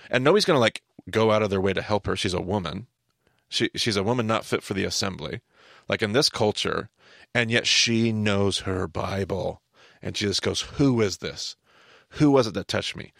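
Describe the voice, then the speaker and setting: A man hosting a podcast, explaining Bible stories in a casual, animated teaching manner. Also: lowish voice, creaky, dry recording, studio quality. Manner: animated, explanatory, repeats words when starting a thought.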